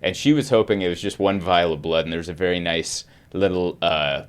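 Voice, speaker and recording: A man with a low speaking voice tells a funny story on a podcast in easy, casual chat. He shifts into the voices of the people he quotes as he goes. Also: fairly quick, clean tone. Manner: animated storyteller, acts out quotes with jumps in pitch. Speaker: podcast host and comedian.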